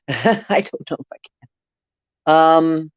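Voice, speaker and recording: A woman hosts a casual livestream in a slow, unhurried way, musing aloud as she drifts from one speculative thought to the next. Her voice sits dry and close, with a dull, lo-fi quality to the stream audio. She chats with her viewers and reads their comments as she goes. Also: sits low, animated, clear, resonant tone, dry recording. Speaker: livestream host reading viewer chat.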